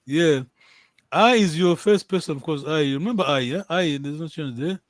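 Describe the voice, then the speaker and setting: A man's voice: fairly high pitch, normal speed, no echo. A man teaching a language lesson over a video call, patiently repeating and checking that his students follow.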